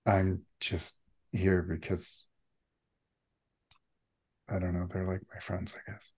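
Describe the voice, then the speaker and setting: A man's voice: deep voice, flat delivery, slow pace, darkish tone, husky, full character voice. A man voicing an awkward young man in a tabletop game, who speaks hesitantly and trails off. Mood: unsure. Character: awkward young man tagging along with friends. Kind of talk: tabletop game role-play.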